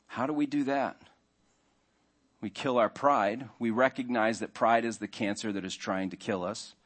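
A man's voice: medium pitch, fairly even intonation, normal speed, a bit bright. A man preaching a sermon in a conversational way, now and then acting out the inner voices of his listeners. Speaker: pastor.

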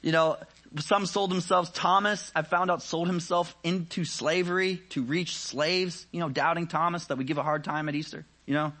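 In a sermon delivered conversationally, a man frequently says "you know," building up energy before falling to quiet, searching questions. His voice is a little high, with fairly even intonation at a normal speed.

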